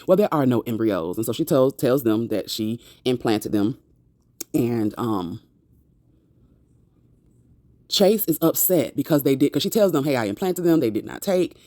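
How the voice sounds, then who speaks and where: Woman, casual show recap, sassy, slangy, mellow tone, dry close sound. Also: a bass voice, lively intonation, normal speed, long pauses, dry recording. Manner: chatty and sassy, slangy asides. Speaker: TV recap vlogger.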